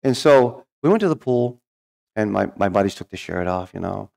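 A man's voice: on the low side, lively intonation, normal speed, gravelly, darkish tone. A middle-aged man telling his life story as a guest speaker, folksy and humorous, acting out the voices of people he quotes. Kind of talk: storytelling testimony.

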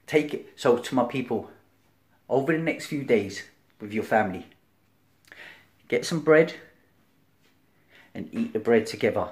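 Man preaching casually with loud bursts. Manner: conversational, keeps asking "right?", acts out crowd and Pilate; swings between loud emphasis and quiet low lines. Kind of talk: informal sermon.

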